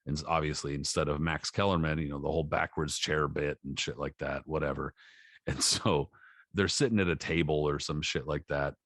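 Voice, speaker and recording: Low-voiced male podcast co-host, dry close mic, swears freely while telling stories. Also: a little fast, dry recording. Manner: profane, animated storytelling with acted quotes. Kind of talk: casual chat.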